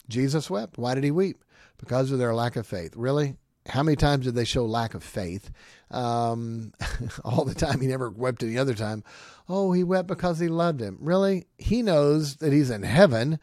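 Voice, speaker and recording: Lively preacher asking rhetorical questions. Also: male voice, mid-range voice, no room sound, studio quality. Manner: rhetorical questions, quick quips, sudden loud bursts. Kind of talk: sermon-style teaching.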